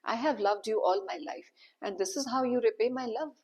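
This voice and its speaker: A woman's voice: medium pitch, normal speed, gravelly, a little mellow, slightly rough, lo-fi sound. Woman voicing a furious, wounded old sage. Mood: accusing. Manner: bitter, accusing outbursts.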